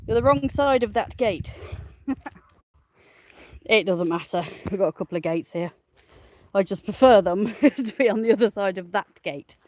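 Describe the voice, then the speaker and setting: A woman's voice: medium pitch, animated, normal speed, pauses often, darkish tone, no echo, rough recording. A woman chatting cheerfully to the camera as she walks her farm, laughing often and talking to her animals and viewers. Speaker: smallholding farmer and vlogger. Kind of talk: chatty outdoor farm vlog. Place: outdoors on a farm.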